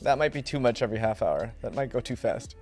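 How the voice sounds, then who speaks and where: A man's voice: medium pitch, lively intonation, fast talker, darkish tone, soft background music. A man hosting a live improv tabletop game stream, upbeat and laughing often as he gathers suggestions. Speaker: host running audience suggestions. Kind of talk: casual chat on a live stream.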